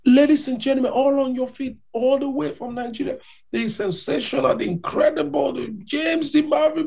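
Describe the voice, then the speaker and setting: A man's voice: extremely high pitch, moderate pace, gravelly, a little mellow, pitched above the performer's own voice. A man putting on the voice of a pushy man in his sixties, introducing a singer like a showman.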